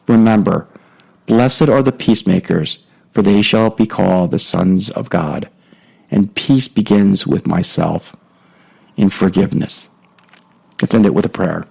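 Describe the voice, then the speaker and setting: Middle-aged man, podcast host, lowish voice, casual faith talk, halting with fillers. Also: gravelly, darkish tone, rough recording. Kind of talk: spoken teaching on faith.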